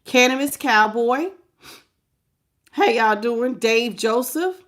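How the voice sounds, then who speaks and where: A woman giving a live-streamed tarot reading and greeting her viewers, emphatic and preachy, swinging between low murmurs and loud outbursts. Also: expressive, slow. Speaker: tarot reader.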